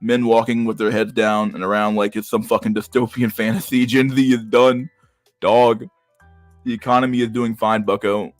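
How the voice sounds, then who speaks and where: A man's voice: lowish voice, level tone, normal speed, no echo, faint music behind. A man streaming and reacting to chat messages in a blunt, profane way, often stumbling and repeating words. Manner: profane, blunt, restarts a lot. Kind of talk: casual livestream chat.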